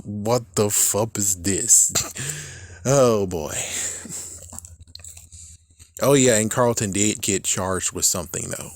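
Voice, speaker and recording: A man's voice: lowish voice, no room sound, clean studio sound. Exasperated man swearing through a recap. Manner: profane, exasperated, laughs often. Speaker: show recap commentator. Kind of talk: casual recap rant.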